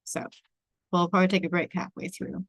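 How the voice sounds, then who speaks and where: A woman's voice: lowish voice, flat delivery, fairly quick, vocal fry, breathy edge, no echo. A woman from Washington state hosting an online table read over a video call, chatty and informal. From Washington state, USA.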